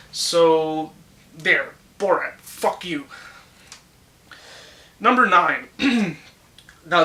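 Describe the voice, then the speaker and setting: A man's voice: fairly high pitch, bright, forceful tone. A man in his twenties giving his blunt, ranting opinions on movies in a casual vlog, swearing freely. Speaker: movie reviewer. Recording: echoey room.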